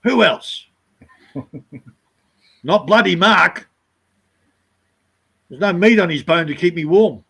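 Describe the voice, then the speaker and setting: A man's voice: expressive, slow, pauses often, a bit bright, slightly rough. A man in casual chat, blunt and jokey. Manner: blunt, jokey, mimics others in high voices.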